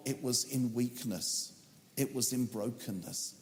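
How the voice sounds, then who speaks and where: A man's voice: mid-range voice, measured pace, a little mellow, roomy sound, big-room sound. A man preaching a sermon as a pastor, telling a story earnestly and acting out the lines he once spoke. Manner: earnest storytelling, acts out his own quoted words.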